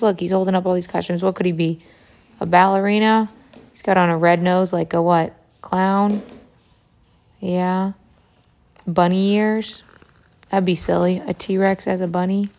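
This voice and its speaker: A woman reading a picture book aloud to young children, animated, pausing to ask them questions. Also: fairly low pitch. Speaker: reader to children.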